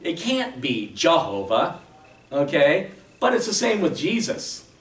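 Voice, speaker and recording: A man's voice: on the high side, huge pitch swings, unhurried, reverberant, far from the mic, rough recording. A man preaching a sermon as a pastor, explaining patiently and often checking in with "okay?". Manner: explanatory teaching, frequent "okay?" check-ins. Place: church sanctuary.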